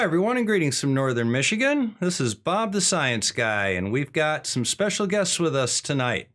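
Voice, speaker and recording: A man's voice: fairly high pitch, fairly bright tone. A man hosting a casual livestream chat from his home, introducing guests with a folksy, joking manner. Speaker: host. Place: home in Northern Michigan.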